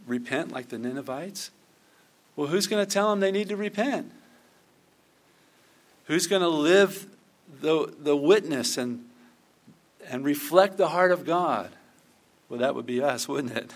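A middle-aged man preaching a conversational sermon, often acting out quoted prayers. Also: on the high side. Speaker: pastor.

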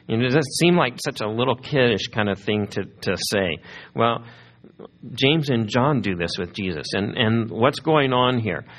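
A man's voice: mid-range voice, expressive, normal speed, fairly bright tone. A man preaching a sermon as pastor, talking conversationally and asking his congregation questions.

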